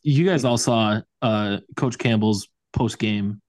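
A man co-hosting a sports podcast in casual chat, retelling scenes and stories with quick asides. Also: lowish voice, a little mellow, no room sound. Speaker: podcast co-host.

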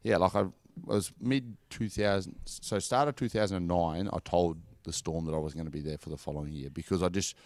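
An Australian man in his thirties telling stories from his football career in a relaxed, rambling podcast chat. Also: deep voice, brisk, hardly any pauses, no room sound. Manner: laid-back storytelling, lots of "like" and "mate". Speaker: former professional footballer guest.

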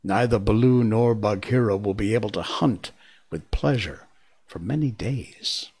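A man's voice: sits low, sing-song, slow, husky, exaggerated voice. A man reading aloud, voicing a proud, stern male black panther in formal old-fashioned speech.

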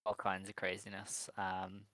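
A man's voice: low voice, completely flat delivery, measured pace, a bit bright, dry recording. A man co-hosting a podcast, chatting in a laid-back, amused way and swearing casually. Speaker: podcast co-host. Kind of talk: casual chat recapping wrestling.

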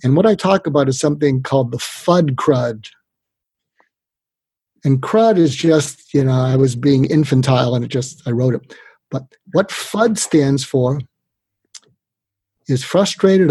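An older man, a guest expert, giving communication advice in a lively conversational way, acting out quotes as he goes. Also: medium pitch, a little slow, pauses often, slightly rough, no echo. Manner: animated, tells tips with acted-out quotes. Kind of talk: conversational interview.

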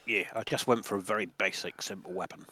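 Hesitant player, low voice, dry recording. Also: male voice, steady tone, fast, pushed and bright, husky, no echo. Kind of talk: playing a tabletop game.

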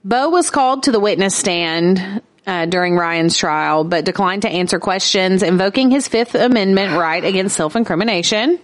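A woman's voice: mid-range voice, moderate pace. A woman co-hosting a true-crime podcast, reading from case notes and reacting casually. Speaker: podcast co-host.

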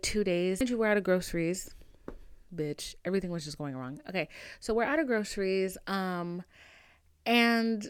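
A young woman hosting a podcast, telling a personal story in a brash, profane and dramatic way, with big swings in pitch and loudness. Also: clean tone, no room sound, clean studio sound. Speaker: podcast host. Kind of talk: casual storytelling monologue.

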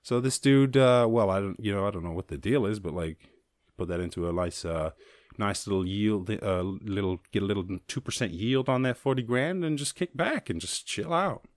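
Male solo podcast host, low voice, profane jokey riffing, dry close recording. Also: expressive, no room sound. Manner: loose, profane, jokey, acts out quick voices. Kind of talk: casual comedic monologue.

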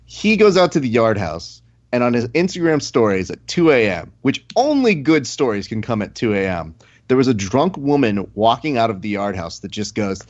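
Guy hosting a podcast, lively storyteller doing little voices, kinda dull lo-fi sound. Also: mid-range voice, moderate pace. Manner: animated storyteller, acts out quotes. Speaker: podcast host. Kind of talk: casual chat.

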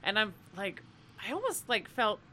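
A woman's voice: medium pitch, very animated, normal speed, sharp tone, slight background noise. A woman co-hosting a podcast, telling a travel story in casual chat, laughing often and swearing freely. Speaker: podcast co-host.

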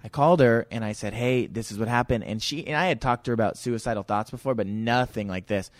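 A man's voice: medium pitch, fast, no room sound. A man guesting on a podcast, talking candidly in a rambling way, often restarting and repeating his words. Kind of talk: casual podcast conversation.

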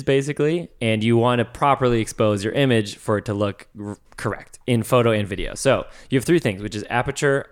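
A man co-hosting a podcast, chatting casually and excitedly, with lots of fillers and casual swearing. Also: lowish voice, clear, resonant tone. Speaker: podcast co-host. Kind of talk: casual chat.

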